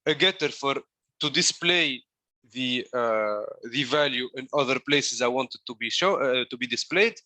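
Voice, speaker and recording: A man's voice: a little high, bright, forceful tone, no room sound. A man coaching a class through code in a live walkthrough, explaining each step while demonstrating it. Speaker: coding coach.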